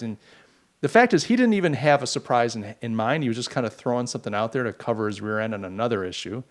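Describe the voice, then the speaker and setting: Animated rambling male podcast host. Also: mid-range voice, fast. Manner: rambling, animated, mocking asides. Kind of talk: casual opinion monologue.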